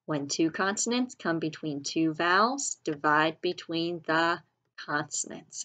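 Slow talking teacher lady, breathy bright voice, spells stuff out letter by letter. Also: low-pitched. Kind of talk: recorded reading and spelling lesson.

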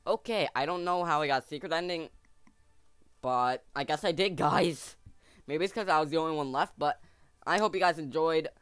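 A man hosting a let's play video, thinking aloud to his viewers in a jokey, excitable way. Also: a little high, moderate pace, smooth, no room sound. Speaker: gaming channel host.

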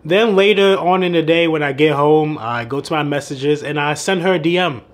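A man's voice: a little high, moderate pace. A young man who coaches on dating, telling a story in a casual vlog, laughing often and swearing freely.

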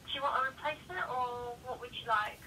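Sharp-toned shop assistant over a phone line. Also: female voice, on the high side, brisk, slight background noise. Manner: polite, calm customer-service tone. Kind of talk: phone conversation. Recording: tinny distant phone line.

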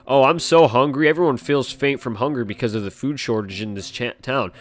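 A man's voice: mid-range voice, fairly quick, close to an everyday voice. A man reading out the lines of a hungry, mournful male rock-eating creature from a video game. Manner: reads game text aloud in a slightly raised voice.

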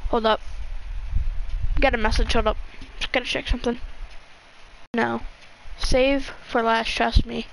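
A woman's voice: fairly high pitch, flat delivery, normal speed, vocal fry, long pauses, a little hiss or hum. A young woman giving gameplay commentary, swearing constantly and talking to herself and the screen. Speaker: gamer.

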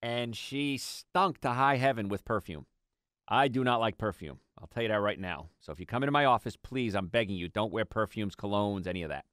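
A middle-aged man hosting a health radio show, telling patient stories in an animated, conversational way. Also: fairly low pitch, fairly quick, no room sound, clean studio sound. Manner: animated storytelling, acts out patients' lines.

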